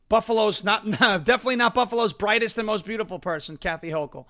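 A man's voice: high-pitched, quick pace, hardly any pauses, a bit bright. A man hosting a political talk livestream, ranting with a combative, sarcastic edge. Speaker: political talk show host.

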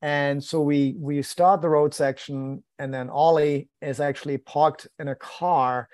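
A man's voice: on the high side, measured pace, no echo. A man, a podcast guest, telling a story in casual chat, acting out quoted lines with self-deprecating humor. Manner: lively, acts out quoted dialogue, self-deprecating.

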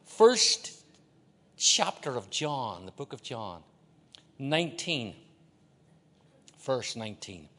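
A man's voice: medium pitch, big pitch swings, slow pace, pauses often, bright, forceful tone. A man from Ireland preaching a sermon as a guest in a large church, joking with the crowd and leading call-and-response. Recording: long hall reverb.

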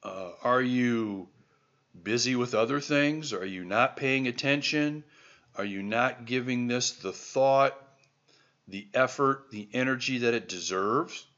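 Heartland guy doing a podcast rant, pushy and emphatic, keeps asking you questions, kinda muffled audio, mid pitch. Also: a little slow, fairly bright tone. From American heartland. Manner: emphatic, exhorting, repeats rhetorical questions. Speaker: podcast host. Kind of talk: motivational podcast monologue.

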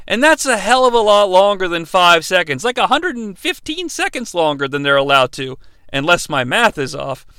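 Lively, bright-voiced sarcastic podcast host man. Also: sits high, dry recording. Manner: sarcastic, joking, with swearing asides. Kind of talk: casual wrestling recap narration.

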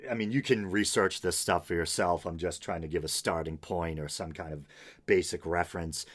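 Deep voiced guy on his podcast, reads stuff out and adds dry little comments. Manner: casual, reads news aloud with wry asides. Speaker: podcast host.

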